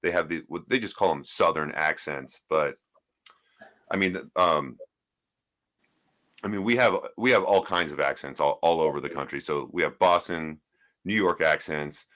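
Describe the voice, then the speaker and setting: Deep-voiced Midwestern American man chatting. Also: moderate pace, pauses often, fairly bright tone. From Midwestern United States. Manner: rambling, self-deprecating, with laughs and filler words. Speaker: livestream panelist. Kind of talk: casual chat.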